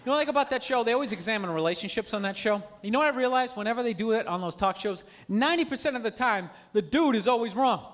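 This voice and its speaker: Male stand-up comic, animated rant, high lively pitch. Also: fast talker, hardly any pauses. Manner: animated ranting with shouts. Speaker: stand-up comedian. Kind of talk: stand-up comedy. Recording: noisy stand-up clip.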